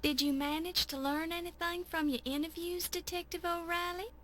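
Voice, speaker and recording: A plucky young sleuth. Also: female voice, extremely high pitch, steady tone, normal speed, soft background music. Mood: confident. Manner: bright and confident. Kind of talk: 1990s adventure game voice acting.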